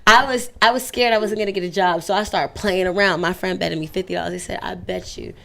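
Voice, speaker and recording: A woman's voice: lowish voice, steady tone, fast, gravelly, fairly bright tone. A young woman as an interview guest, chatting candidly and telling stories, sometimes slipping into playful voices. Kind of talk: casual interview chat.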